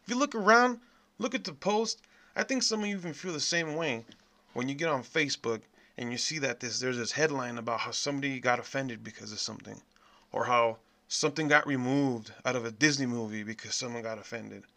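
A man hosting a podcast, delivering a profane, blunt, animated rant in a casual monologue. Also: mid-range voice, brisk. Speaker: podcast host.

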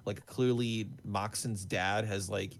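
A man's voice: lowish voice, fairly even intonation, takes it slowly, vocal fry, a little hiss or hum. A man co-hosting a podcast, rambling and laughing as he chats about a movie. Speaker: podcast co-host. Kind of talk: casual movie chat.

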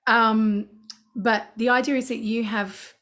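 A woman talks through her songwriting in a casual interview. She tells stories in an easy, chatty way and keeps things animated with quick asides. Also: on the high side. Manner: chatty, anecdotal, animated storytelling. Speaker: songwriter and singer.

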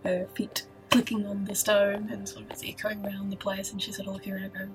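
A woman playing her character in a tabletop game, casual and quick to laugh. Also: mid-range voice, monotone, music in the background, low-quality recording. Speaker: player.

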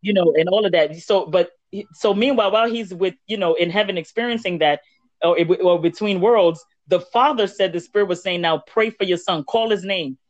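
Animated woman retelling a story. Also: lowish voice, fairly quick, dry recording. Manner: animated storyteller acting out quoted dialogue. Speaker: podcast co-host. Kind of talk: casual faith chat. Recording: dull lo-fi dry recording.

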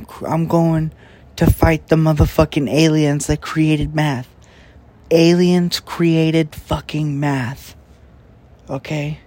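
A young man rambles into a podcast mic late at night, his slightly high voice dragging along at an unhurried crawl. He swears freely, loses his thread in fillers, and breathes heavily after eating. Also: darkish tone. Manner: slow, crude, meandering talk full of filler and swearing. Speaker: podcast host. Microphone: podcast microphone.

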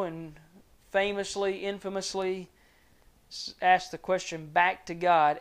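A man preaching a sermon, reading and explaining scripture in a measured, earnest way that sinks to soft low tones on grave points. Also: fairly even intonation, smooth.

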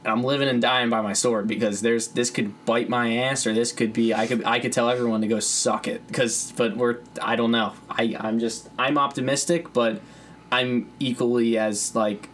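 Brief: young male podcast co-host, rambling and profane, mid pitch, faint noise behind. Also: fairly even intonation, moderate pace, fairly bright tone. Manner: rambling, swears freely, laughs often. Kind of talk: casual chat.

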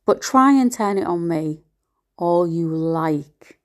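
A woman in a blunt, profane, scornful rant to camera, her pitch leaping as she gets worked up. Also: slow. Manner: animated, with sudden pitch jumps. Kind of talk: ranting monologue to camera.

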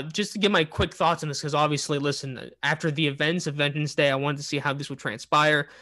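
A man's voice: a little high, bright, forceful tone, no room sound. A man co-hosting a casual wrestling podcast, recapping the show in a rambling way with many fillers and restarts. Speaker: podcast co-host.

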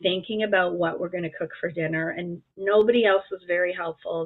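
A middle-aged woman coach talking in a reflective, gently encouraging way, acting out her own inner dialogue as she speaks. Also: on the low side, fairly even intonation, brisk. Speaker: guest coach. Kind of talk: conversational interview. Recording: tinny phone-like line.

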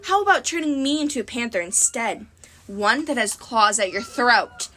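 A woman's voice: fairly high pitch, animated, normal speed, noisy background, lightly acted. A woman voicing a blunt, fierce young heroine. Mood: firm. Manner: firm, blunt. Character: fierce determined young female demigod.

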